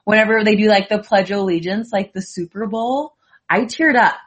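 A chatty American woman in her thirties hosts a casual talk among friends, telling stories and acting out what people said. Her voice sits in a middle pitch for a woman. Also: a little fast. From United States. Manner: chatty, animated storytelling with acted-out quotes. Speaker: host. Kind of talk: casual chat.

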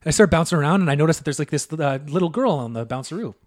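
A man's voice: fairly high pitch, animated, very fast. A man co-hosting a podcast, telling stories in casual chat, swearing freely and laughing as he goes. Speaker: podcast co-host.

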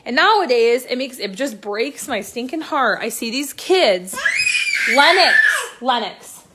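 Young mom vlogging to camera, kinda high voice, lots of likes and you-knows, goes quiet then gets all worked up. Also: female voice, normal speed, background noise. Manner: chatty, filler-heavy, swings between hushed and excited. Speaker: mom sharing her work-from-home story. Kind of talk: casual talk to camera.

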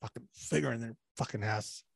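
A man's voice: mid-range voice, brisk, creaky, slightly rough, no room sound. A man co-hosting a crude podcast, telling rambling, profane stories and mimicking people he quotes. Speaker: podcast co-host. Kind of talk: crude casual chat.

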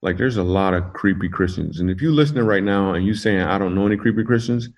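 A man, a comedian, telling funny personal stories in an interview, animated and laughing through his jokes. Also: sits low, fast. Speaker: comedian guest. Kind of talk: casual interview storytelling.

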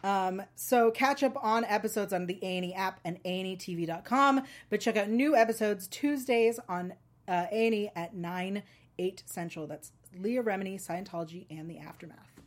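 A woman's voice: mid-range voice, moderate pace. A woman hosting a fan podcast, chatty and laughing often, with many ums. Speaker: podcast host. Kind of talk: casual chat and read ad.

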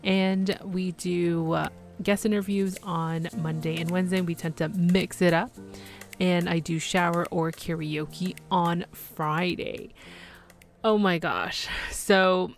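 Excitable low-voiced woman host. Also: takes it slowly, faint music behind. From Canada. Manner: excitable, gushing, many fillers and restarts. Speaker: podcast host. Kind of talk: casual solo podcast chat.

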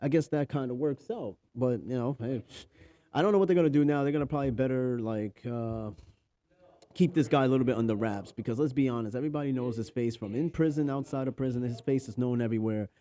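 A man's voice: mid-range voice, fast, warm tone, no room sound. A married man with a New York accent hosting a podcast, reading news articles aloud and breaking in with offhand, profane asides. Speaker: podcast host. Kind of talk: casual news commentary.

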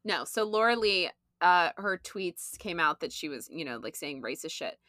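A woman's voice: on the low side, animated, moderate pace, bright, forceful tone, no room sound, clean studio sound. A young woman co-hosting a podcast, talking casually with lots of fillers and frequent laughs. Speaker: podcast co-host. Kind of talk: casual chat.

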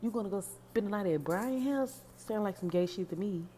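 A woman hosting a podcast, giving sassy, animated, profane commentary on song lyrics. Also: medium pitch, brisk, slight background noise. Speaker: podcast host.

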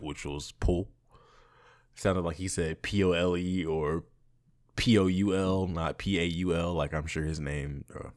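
A young man hosting a podcast, telling a candid, crude story in a casual, animated way with frequent laughter. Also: low-pitched. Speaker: podcast host.

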